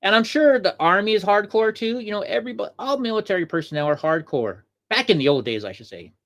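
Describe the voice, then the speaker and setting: A very animated, fast-talking livestream host gives heated political commentary, rambling, repeating himself, and answering viewers in the chat. His voice sits high, with a fairly bright tone.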